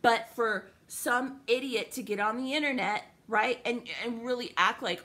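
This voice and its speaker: A woman's voice: a little high, normal speed, sharp tone. A young woman venting in an angry, profane, sarcastic rant to the camera, upset and livid. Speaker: vlogger.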